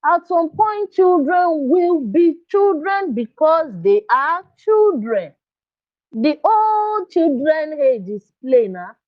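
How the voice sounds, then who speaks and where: She speaks slowly in a high, very animated voice, coaching parents earnestly and coaxingly in a live online workshop. Frequent "you understand?" checks punctuate her talk, and the recording sounds dull, lo-fi and dry.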